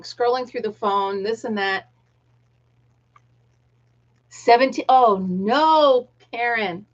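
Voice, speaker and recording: A woman's voice: a little high, muffled recording. Chatty woman hosting a morning livestream. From United States. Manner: chatty, greets viewers by name, laughs often. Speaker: livestream host. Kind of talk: casual chat.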